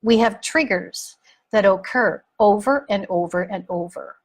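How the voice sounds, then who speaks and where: Speaking at a measured pace in a medium-pitched voice, this middle-aged parenting coach hosts her podcast as a casual talk to listeners. She's frank and animated, leaning on repeated words to drive points home.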